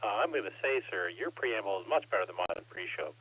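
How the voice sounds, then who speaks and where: Fast-talking joking man on radio. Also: low voice, expressive, slightly rough. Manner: joking, self-deprecating. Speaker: trivia host on the net. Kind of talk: casual ham radio check-in. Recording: radio transmission, narrow band.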